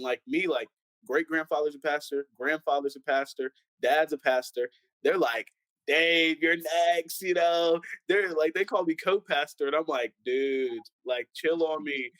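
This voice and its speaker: Young man, animated storyteller, higher-pitched voice, close dry sound, casual panel chat. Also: moderate pace, no room sound, low-quality recording. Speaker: pastor's son guest.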